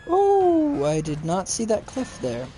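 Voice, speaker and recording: A man's voice: a little high, measured pace, a little mellow, slight background noise. A young man giving casual let's-play commentary, chatting and joking with his viewers as he plays. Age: young adult. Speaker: gaming youtuber.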